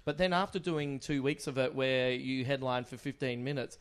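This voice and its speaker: A man's voice: mid-range voice, fairly even intonation, normal speed, smooth. A man joking in a casual chat, laughing as he talks and swearing now and then. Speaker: comedian guest.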